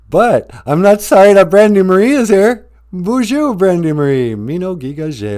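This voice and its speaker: A man hosts a livestreamed podcast from home, talking in an unhurried, drawn-out way. His pitch jumps around a lot as he teases and plays mock-serious. It is relaxed, joking chat. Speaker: podcast host.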